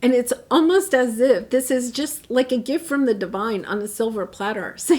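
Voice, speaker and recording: A woman reads tarot cards for her viewers, her voice sitting a little high. She speaks earnestly and with feeling, often restarting her sentences and dropping into soft asides. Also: normal speed, hardly any pauses. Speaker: tarot reader. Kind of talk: tarot reading to camera.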